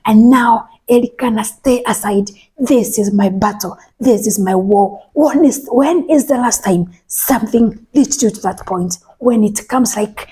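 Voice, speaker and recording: A woman preaching a sermon, speaking emphatically, repeating phrases and restarting words, and sometimes dropping to a soft whisper. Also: on the high side, measured pace, breathy edge.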